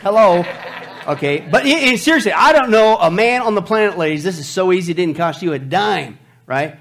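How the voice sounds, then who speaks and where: A man with a high-pitched voice preaches a sermon as pastor. He jokes with the congregation and keeps repeating phrases for emphasis. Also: animated, a little fast, a bit bright.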